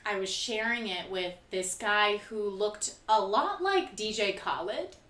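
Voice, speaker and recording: Bright-voiced chatty woman, echoey room. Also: mid-range voice, lively intonation. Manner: chatty, quick reactions, lots of "like". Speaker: comedy show co-host. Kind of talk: casual chat, storytelling.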